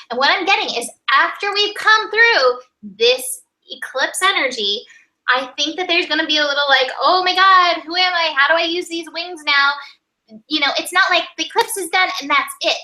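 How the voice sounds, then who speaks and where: A woman co-hosting a weekly tarot and astrology reading, chatty and animated, often acting out little quoted voices. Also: high voice, rough recording. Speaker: tarot reader co-host.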